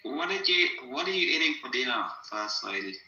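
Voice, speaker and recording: A man's voice: medium pitch, very animated, a little fast, sharp tone. A man teasing and joking brashly in a casual chat, swearing freely. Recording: roomy echo.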